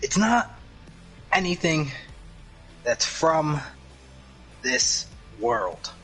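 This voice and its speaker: A man's voice: on the high side, very animated, very slow, a bit bright, faint music behind, voice pushed up, exaggerated voice, poor audio. A man voicing a secretive young man in a tabletop game, speaking in a cryptic, stern way.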